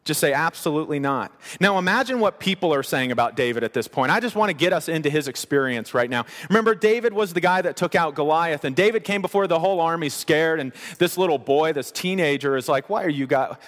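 Animated preacher in a reverberant hall. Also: male voice, fairly high pitch, fast talker, hardly any pauses. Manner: animated, conversational preaching with playful asides. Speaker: pastor. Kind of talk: sermon.

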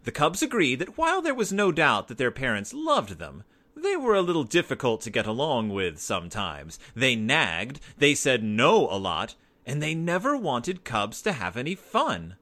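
A man reads a children's storybook aloud with great expression. His voice is bright and forceful. His pitch rises and falls widely as he tells the tale. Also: normal speed. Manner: expressive, animated. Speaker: narrator.

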